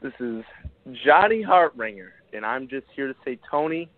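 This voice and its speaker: A man calling in to taunt the host with slow, lewd remarks. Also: medium pitch, lively intonation, no room sound. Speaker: prank caller. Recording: distant tinny phone line.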